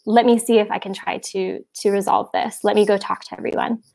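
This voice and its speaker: A woman voicing a kind young girl who calms conflicts, speaking gently and reassuringly. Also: mid-range voice, fairly quick, gravelly. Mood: gentle.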